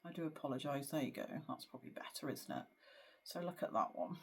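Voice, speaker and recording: A woman's voice: low voice, lively intonation, fast talker, breathy edge. A woman psychic giving a spiritual card reading to camera, speaking earnestly and hesitantly with frequent fillers. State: emotional at times. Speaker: psychic medium.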